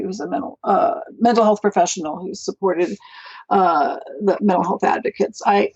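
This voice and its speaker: Gravelly-voiced middle-aged woman, chatty. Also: mid-range voice, no echo, lo-fi sound. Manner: chatty, rambling, warm storytelling with laughs. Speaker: guest, mental health advocate. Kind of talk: casual interview chat.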